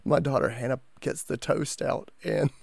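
A man's voice: mid-range voice, moderate pace, creaky, no echo. A man in his forties, co-hosting a podcast, telling a family story with lots of laughter. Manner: animated storyteller, laughs often. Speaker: podcast co-host. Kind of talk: casual chat.

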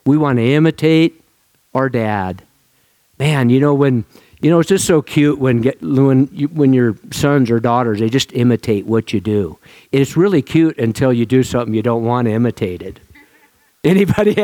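A male pastor giving a relaxed, conversational sermon to his congregation. He talks informally with frequent restarts and laughs. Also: medium pitch, no room sound.

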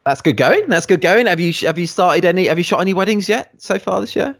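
A man's voice: high voice, animated, quick pace, gravelly. A man hosting a podcast, chatting casually and enthusiastically with his guest. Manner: enthusiastic, effusive. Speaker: podcast host. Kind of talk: casual interview chat.

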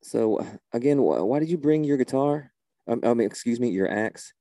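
An exasperated man in a comedy sketch, stumbling over his words as he gets more and more fed up. His low voice has a gravelly edge and a dark tone, recorded dry and close. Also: animated, normal speed, no echo. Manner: exasperated, flustered, repeating himself.

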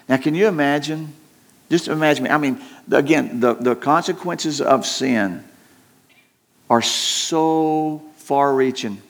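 A man's voice: on the high side, gravelly, a bit bright. Older man preaching an earnest sermon. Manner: earnest, slows down to stress points, repeats words. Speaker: pastor.

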